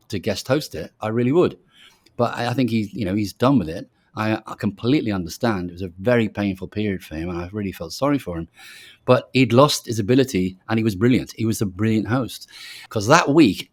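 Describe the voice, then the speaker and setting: An executive producer in his sixties who grew up in Liverpool speaks with a softened Liverpool accent in a casual interview. His fairly low voice is animated and brisk as he reflects on his career and tells stories, acting out the voices he quotes.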